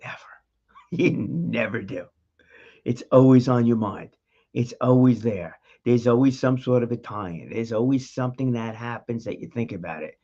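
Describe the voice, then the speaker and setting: A man's voice: medium pitch, unhurried, warm tone, highs cut off. A man hosting a talk show, giving an emphatic motivational monologue straight to the listener in a coaching tone. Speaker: podcast host.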